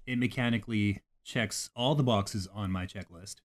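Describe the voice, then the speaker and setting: A man's voice: fairly low pitch, normal speed. A man co-hosting a gaming podcast, talking casually and animatedly, swearing freely as he rants about games. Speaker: podcast co-host.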